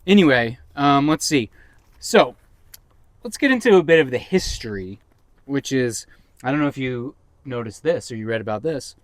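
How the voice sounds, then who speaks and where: A man's voice: mid-range voice, lively intonation, moderate pace, dry recording. A man co-hosting a casual podcast, rambling and joking with mock-dramatic outbursts. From Massachusetts. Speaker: podcast co-host. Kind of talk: casual chat.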